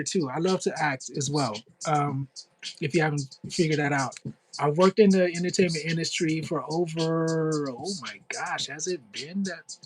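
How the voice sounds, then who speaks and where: A man's voice: a little high, a little hiss or hum, poor audio. A middle-aged man, a content creator and actor, talking casually on a livestream in an upbeat, chatty way, full of "like" and "you know". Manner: answers live chat comments.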